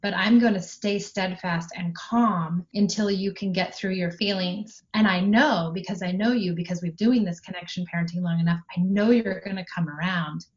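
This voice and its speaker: A middle-aged woman talking about parenting in a casual podcast conversation, calm and steady, explaining her view at length. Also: fairly low pitch, normal speed, few pauses. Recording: slightly dull, lo-fi sound.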